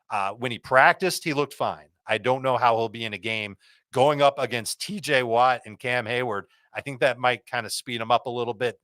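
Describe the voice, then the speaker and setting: A man with a mid-range voice rattles off fantasy football picks in a confident, quick-fire way. The recording is close and dry, with no room sound. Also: medium pitch, fairly bright tone, no echo. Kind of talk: quick start-sit advice.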